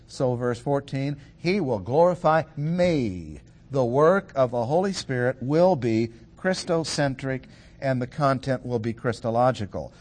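A man giving an expository Bible lecture, explaining a passage in a measured way and stressing key words. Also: medium pitch, darkish tone. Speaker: Bible teacher.

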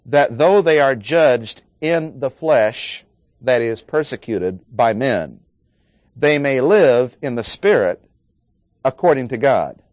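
A man preaching an expository sermon, working through verses and stressing key words with slow, dramatic pauses. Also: medium pitch, lively intonation, a little mellow, no echo.

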